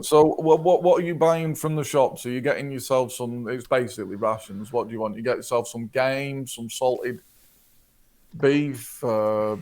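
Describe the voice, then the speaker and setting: A man's voice: medium pitch, fairly even intonation, normal speed, a little mellow. A man narrating as game master, who often repeats words and laughs.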